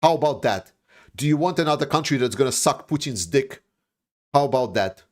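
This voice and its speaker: A middle-pitched man from the former Soviet region delivers an impassioned political monologue on his livestream. He hammers his points with repetition and the odd burst of swearing. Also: animated, fairly quick. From Eastern Europe, post-Soviet. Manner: emphatic, repetitive, swears when angry. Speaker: livestream host.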